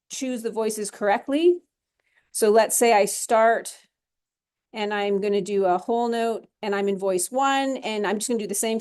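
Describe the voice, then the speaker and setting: A woman music theory instructor talking through a software lesson step by step in a chatty, self-correcting way. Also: fairly high pitch. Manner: chatty, talks through steps as she clicks, self-correcting. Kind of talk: recorded screen-share lesson.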